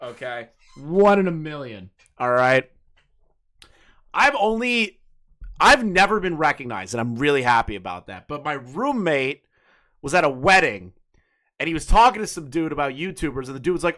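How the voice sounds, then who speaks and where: A man's voice: a little high, big pitch swings, moderate pace, bright, forceful tone. A young man hosting a casual call, talking bluntly and rambling with plenty of profanity. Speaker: streamer host.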